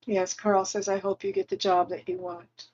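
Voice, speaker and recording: A woman hosting a livestream as a spiritual medium, channeling gentle, consoling messages from the other side for her viewers at home. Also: mid-range voice, flat delivery, normal speed, lo-fi sound.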